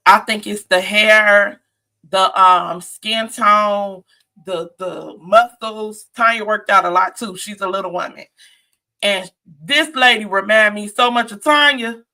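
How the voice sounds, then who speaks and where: A woman's voice: mid-range voice, unhurried, sharp tone. A woman giving a chatty, sassy live-stream recap of a reality show, talking straight to her viewers.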